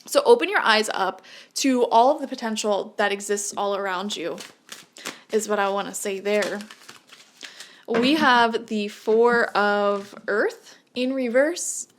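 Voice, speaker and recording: A young woman giving a casual, chatty tarot reading who laughs often and breaks into lively, high-pitched asides. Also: measured pace, a little hiss or hum. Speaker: tarot reader.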